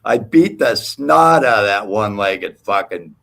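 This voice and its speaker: A man's voice: lowish voice, lively intonation, unhurried, vocal fry, a bit bright. A man hosting a livestream panel, taunting and cursing at a rival in heated trash talk. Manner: profane, taunting, mocking. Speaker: livestream host.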